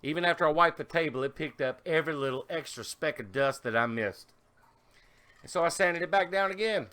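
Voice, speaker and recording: A man's voice: on the high side, brisk. Rambling man vlogging his car project. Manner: rambling, animated storytelling with laughs. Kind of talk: casual vlog chat.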